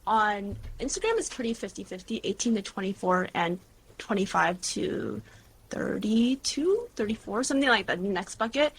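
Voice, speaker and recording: A woman in her twenties, a guest creator, chatting casually in an interview with lively storytelling and lots of fillers. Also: mid-range voice, moderate pace, breathy edge. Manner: bubbly, animated storytelling with frequent "like" and laughs.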